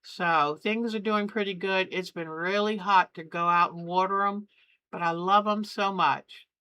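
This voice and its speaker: A woman's voice: mid-range voice, fairly even intonation, a little slow, bright, forceful tone, clean tone, no echo. A middle-aged woman hosting a quilting channel, chatting and gushing as she shows family photos. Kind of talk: casual chat while showing photos.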